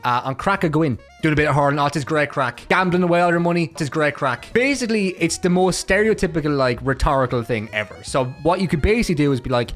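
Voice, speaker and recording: A young Irish man with an Irish accent, explaining slang in a crude, joking vlog full of swearing and quick mock voices. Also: a little high, expressive, fairly bright tone, faint music behind. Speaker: comedy vlogger.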